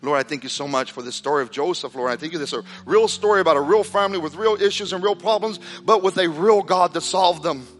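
A man preaching a sermon as pastor, telling a story with animated delivery that drops to a hushed, intense tone. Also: fairly high pitch, fast, few pauses. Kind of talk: sermon with storytelling and altar call. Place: church sanctuary. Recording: reverberant hall with soft music behind.

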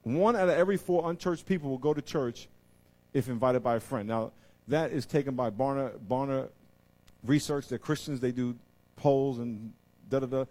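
A pastor preaches an animated sermon to his church, dropping into quiet asides and then rising to loud, excited bursts. He has a medium-pitched voice and a moderate pace.

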